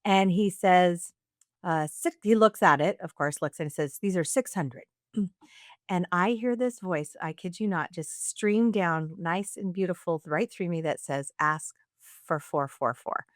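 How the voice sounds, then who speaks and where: A woman co-hosting a podcast, telling a story in a casual, animated way and acting out the quoted lines. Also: lowish voice, measured pace, no room sound, clean studio sound. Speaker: podcast co-host.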